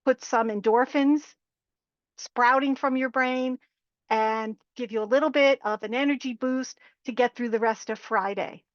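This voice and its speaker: A woman's voice: fairly high pitch, dry recording, lo-fi sound. A woman presenter guiding a group through a laughter yoga exercise, upbeat and encouraging, on a webinar microphone. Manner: upbeat, encouraging, demonstrating chants. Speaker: workshop presenter.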